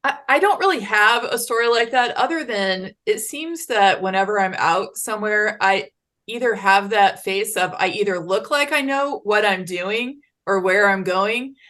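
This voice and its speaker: A woman on a panel who owns her own company, talking haltingly with many fillers. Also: medium pitch, fairly bright tone. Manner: hesitant, many fillers and restarts. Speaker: panelist, business owner. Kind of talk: casual panel chat.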